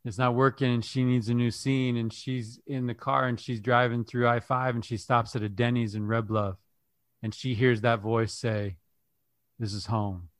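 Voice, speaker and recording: A man's voice: medium pitch, level tone, normal speed, dry recording, clean studio sound. Upbeat man co-hosting a podcast. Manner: storytelling, upbeat, laughs easily. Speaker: podcast co-host. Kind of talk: casual interview chat.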